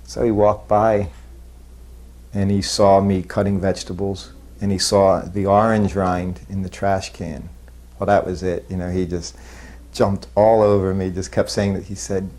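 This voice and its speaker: A man unhurriedly recalling his years as a disciple, self-deprecating and chuckling softly. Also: deep voice, little pitch movement. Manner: unhurried, self-deprecating storytelling with soft laughs. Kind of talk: spoken reminiscence.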